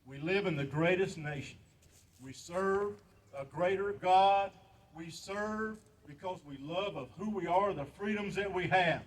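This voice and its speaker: An older American man, a veteran, gives an impassioned patriotic speech at a memorial ceremony in an outdoor park, preaching and pleading and repeating lines for emphasis. His voice is high-pitched and a little slow, recorded from a distance.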